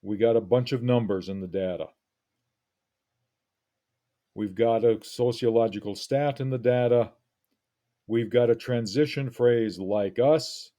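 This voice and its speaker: A man teaching a lesson, picking apart an essay in a deliberate, reflective way with frequent pauses. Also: medium pitch, warm tone.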